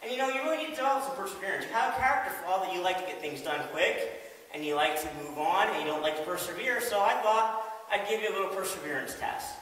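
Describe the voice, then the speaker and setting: A man telling a lively story about a bad day in a devotional talk, laughing and exasperated. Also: sits high, fast talker. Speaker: ministry speaker. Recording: echoey distant room recording with faint hiss.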